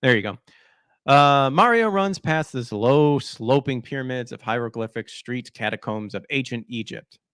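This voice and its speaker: A man's voice: medium pitch, lively intonation, normal speed, a bit bright, clean tone, no room sound, studio quality. A man hosting a gaming podcast, ranting sarcastically about news articles in a mocking, crude way. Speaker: podcast host.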